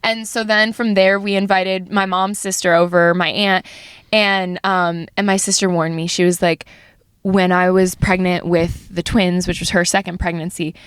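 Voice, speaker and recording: A woman's voice: on the low side, moderate pace, smooth, dry recording, clean studio sound. A pregnant woman co-hosting a podcast, telling a story in casual chat with lots of "like" fillers. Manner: animated, many "like" fillers, acts out quotes. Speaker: podcast co-host. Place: podcast studio.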